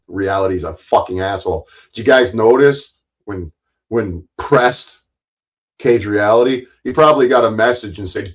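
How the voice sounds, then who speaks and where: Low-voiced man ranting with heavy profanity. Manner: angry, sarcastic, swears constantly; mocking, repeats points for emphasis. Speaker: livestream host. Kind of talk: profane livestream rant.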